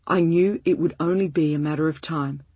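A woman reading a first-person story aloud in a gentle, heartfelt and measured way, with a breathy voice. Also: low voice, fairly even intonation, no echo. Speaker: narrator.

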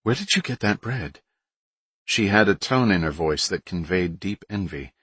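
A man's voice: deep voice, moderate pace, fairly bright tone, husky, no room sound. A man voicing an envious, food-loving woman nurse with a thick Boston accent in an audiobook.

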